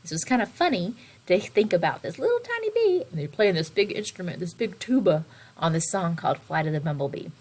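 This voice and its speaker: Woman music teacher, online kids' lesson, low voice, bouncy delivery, whispers for emphasis. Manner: lively, expressive, slows and whispers for emphasis. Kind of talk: recorded online lesson for children.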